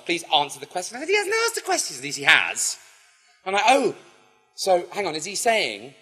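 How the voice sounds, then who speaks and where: A man telling a story to a live audience in an animated way, acting out the voices of the people in it. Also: on the high side, breathy edge. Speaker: poet and speaker. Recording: long hall reverb, faint music.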